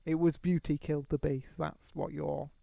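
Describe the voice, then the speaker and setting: A man co-hosting a podcast in casual chat, quick with a dry tease. His voice sits fairly high for a man and has a gravelly, fry-laced grain. The sound is close and dry. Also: level tone, mellow, no room sound. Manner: dry, teasing. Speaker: podcast co-host.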